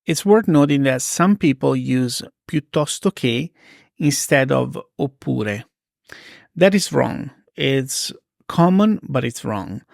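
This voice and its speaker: Italian guy teaching grammar, super gravelly voice, says examples slow and careful. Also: mid-range voice, no echo, clean studio sound. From Italy. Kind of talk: scripted grammar lesson.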